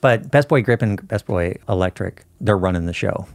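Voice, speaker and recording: Male guest, low gravelly voice, easygoing storyteller, dry close recording. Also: moderate pace, no echo. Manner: storytelling, easygoing, acts out dialogue. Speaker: film camera crew guest. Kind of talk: casual interview chat.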